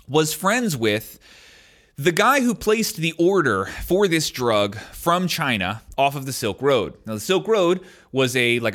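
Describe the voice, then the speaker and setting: A man's voice: mid-range voice, fairly bright tone. A man in his thirties telling a personal story in a loose, conversational way, full of "like" fillers. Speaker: storyteller sharing a personal experience. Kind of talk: casual storytelling to camera.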